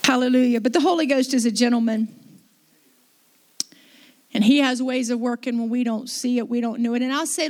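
A woman's voice: a little high, fairly even intonation, brisk, long pauses, darkish tone. A middle-aged woman pastor telling a story in a conversational sermon, with restarts and asides.

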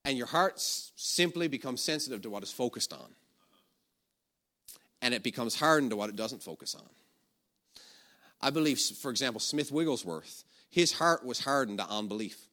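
Bright-voiced animated male preacher. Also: medium pitch, moderate pace, pauses often. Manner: animated storytelling, shouts quoted commands. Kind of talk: sermon.

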